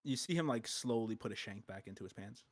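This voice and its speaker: A man's voice: on the low side, animated, quick pace. A man running a tabletop game as game master, narrating in a loose, casual way and laughing often.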